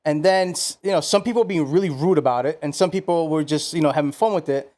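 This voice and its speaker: Quick, energetic anecdote teller. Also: mid-range voice. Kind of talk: casual chat.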